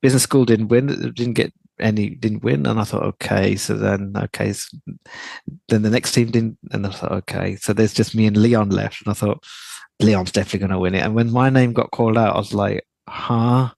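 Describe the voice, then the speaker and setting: A man, a podcast guest, telling a story in a casual, animated way and often repeating words as he talks. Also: lowish voice, moderate pace, creaky, no room sound.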